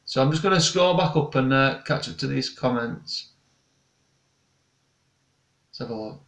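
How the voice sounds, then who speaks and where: A young man rambles through a casual live chat with his viewers. His voice has a gravelly edge. He sits back from the mic in an echoey room. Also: mid-range voice, unhurried, a bit bright, recorded from a distance. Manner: rambling, chatty, restarts often. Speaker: paranormal investigator and channel host. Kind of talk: casual live-stream chat reading comments.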